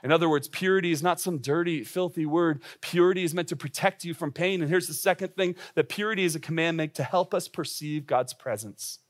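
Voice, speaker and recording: A man with a high voice preaches a sermon to young adults, earnest and urgent. He puts direct questions to his listeners and trips into quick restarts as he pushes his points. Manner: asks the audience direct questions. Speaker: pastor.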